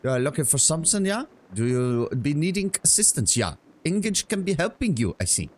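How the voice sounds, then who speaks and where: Brief: a man doing a pushy game merchant, clumsy mock-German accent, raised pitch, choppy broken grammar. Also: very animated, brisk, a little hiss or hum. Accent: put-on clumsy German accent. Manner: chopped, ungrammatical sales patter.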